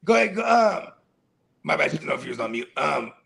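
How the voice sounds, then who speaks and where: A man hosting a fantasy football stream in casual chat, animated and profane, restarting his words often. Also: a little high, fast, creaky. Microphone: streaming call mic.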